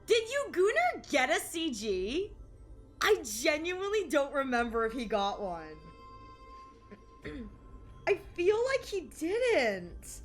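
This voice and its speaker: A woman's voice: high-pitched, huge pitch swings, slow pace, soft background music. A young adult woman streaming from home, chatting casually with her viewers, giggling often and restarting her sentences. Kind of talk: casual live-stream chat with chat readers.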